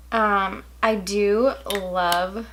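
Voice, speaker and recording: A woman's voice: on the high side, bright, forceful tone. A young woman reviewing makeup in a chatty, gushing way, hiccuping as she talks. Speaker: beauty vlogger. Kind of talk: casual product review.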